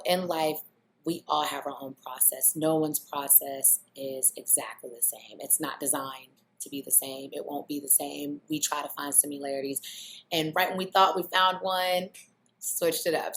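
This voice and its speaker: Young woman, very low voice, casual vlog talk, conversational, reflective. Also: fairly bright tone. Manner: conversational, loose, with many "you know" fillers. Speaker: vlogger.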